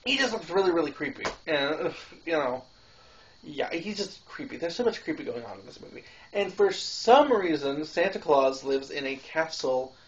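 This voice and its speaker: A man hosting a casual film-review show, rambling with lots of fillers and restarts and laughing between thoughts. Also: a little high. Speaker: podcast host reviewing films. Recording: dull lo-fi home recording.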